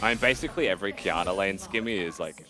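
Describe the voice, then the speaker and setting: A man's voice: sits low, fast, music in the background. A man giving analytical, conversational esports commentary. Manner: analytical, conversational breakdown of plays. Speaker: esports caster.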